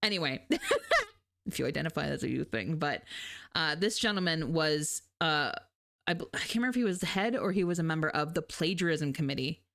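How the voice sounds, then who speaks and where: A woman's voice: sits low, sing-song, fairly quick, fairly bright tone. A young adult woman, streaming and chatting casually with her viewers, telling stories animatedly and laughing often. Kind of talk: casual chat with live chat.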